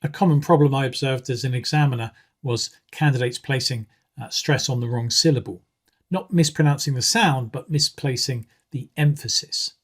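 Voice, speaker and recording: A man teaching an exam-preparation lesson in a measured way, often pausing with um and uh. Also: mid-range voice. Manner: measured, with frequent um and uh fillers. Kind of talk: explanatory video lesson.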